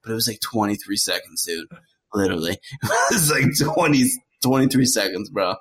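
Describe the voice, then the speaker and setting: A man's voice: on the low side, normal speed. A man in his thirties co-hosting a podcast, swearing and calling his friend "bro" and "dude" constantly. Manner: profane, says "bro" and "dude" constantly, animated storyteller. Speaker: podcast co-host. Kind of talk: casual crude podcast banter.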